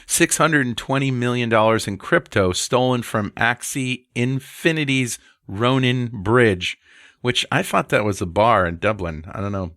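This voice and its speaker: A man's voice: medium pitch, measured pace, fairly bright tone, no echo, studio quality. A man hosting a casual tech panel, joking and asking questions. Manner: jokey, asks questions.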